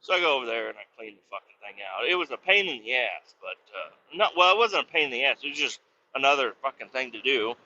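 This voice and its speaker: A man's voice: mid-range voice, animated, quick pace, sharp tone. A man hosting a podcast, telling a rambling, profanity-laced story about his work day. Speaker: podcast host. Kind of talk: casual storytelling. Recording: slightly dull lo-fi sound with faint noise.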